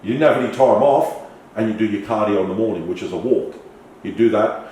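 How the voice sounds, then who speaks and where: Aussie bloke spinning animated stories, lowish voice, faint room hum. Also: male voice, brisk, heavy reverb, far from the mic, low-quality recording. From Australia. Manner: animated, swearing, storytelling with acted quotes. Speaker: podcast guest. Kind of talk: casual storytelling interview.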